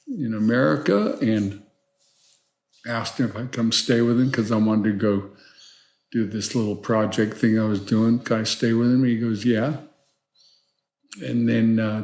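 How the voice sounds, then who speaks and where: Older male guest in his 70s, gravelly voice, chatty rambling storyteller, roomy echo. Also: mid-range voice. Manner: rambling, animated storyteller with many "you know"s. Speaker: guest, filmmaker. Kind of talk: storytelling interview.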